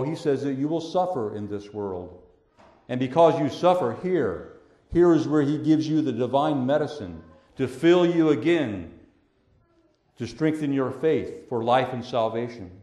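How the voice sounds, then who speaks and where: A man preaching a sermon as pastor, emphatic, repeating phrases and swinging between loud declarations and hushed words. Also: mid-range voice, roomy sound.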